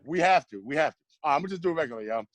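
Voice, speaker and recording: A man's voice: a little high, racing, a crowd in the background. A man co-hosting a casual podcast, laughing often and reading a comic rhyming poem with swagger. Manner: animated, laughs often, reads rhymes with swagger. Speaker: podcast co-host.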